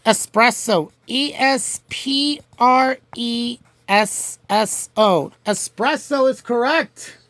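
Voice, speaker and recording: Woman, game show host, slow careful delivery, slightly high voice, spells out words, halting restarts. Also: a bit bright, no echo. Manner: reads clues slowly and spells answers letter by letter. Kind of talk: playing a home-made crossword game show.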